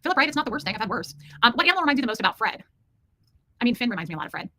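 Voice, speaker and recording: Fast-talking bright-voiced woman streamer. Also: fairly high pitch, very animated, slight background noise. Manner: chatty and affectionate, reads comments aloud. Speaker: livestream host reading chat. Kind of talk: casual livestream chat.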